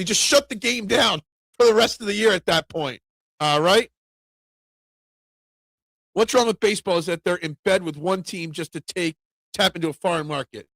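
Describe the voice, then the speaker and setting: A man hosting a casual sports talk show, opinionated and animated, raising his voice when he rants. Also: high voice, vocal fry, no echo. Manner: opinionated, animated, gets loud when ranting.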